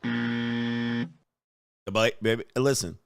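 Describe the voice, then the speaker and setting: Guy doing blunt crude reaction commentary, dry close mic, mid pitch. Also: steady tone, extremely slow, gravelly, no room sound. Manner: blunt and crude, talks straight to the viewer.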